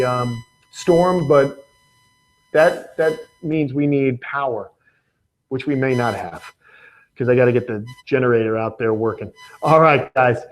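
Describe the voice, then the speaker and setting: A man hosting a live question-and-answer stream, laid-back and casual, calling viewers dude and man. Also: medium pitch. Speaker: host.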